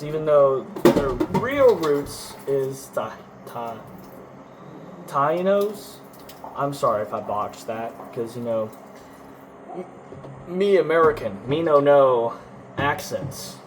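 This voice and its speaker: A man's voice: a little high, background noise. A young man with a Texan accent, rambling in a jokey, scattered way while doing chores at home. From Texas. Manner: scattered, self-interrupting, jokey. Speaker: vlogger. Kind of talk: rambling casual vlog chat.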